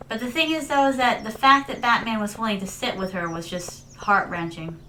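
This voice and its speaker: Bright chatty woman streamer. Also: fairly high pitch, fairly quick, slight background noise, low-quality recording. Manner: chatty, rambling storyteller, calls viewers "my darlings". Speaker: Vtuber streamer. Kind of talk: casual gaming livestream chat.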